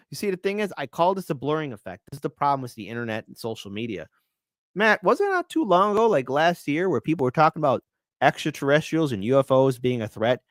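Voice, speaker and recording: A man's voice: fairly high pitch, no echo, clean studio sound. A man co-hosting a casual podcast, talking animatedly and slipping into mocking voices as he riffs. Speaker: guest co-host.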